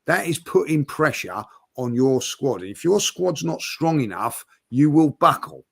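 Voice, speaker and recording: A man's voice: on the high side, animated, unhurried, creaky, breathy edge. Everyday male pundit, passionate, repeats himself for emphasis. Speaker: podcast guest pundit. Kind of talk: casual football chat.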